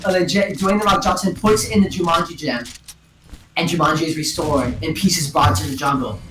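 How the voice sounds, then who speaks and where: Excitable young-sounding woman, rambling giggly storyteller on a headset mic, slightly low voice, roomy echo. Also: fairly quick, soft background music. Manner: excitable, giggly, full of "and then" and "like". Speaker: storyteller among friends. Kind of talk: casual rambling retelling over voice chat. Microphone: gaming headset.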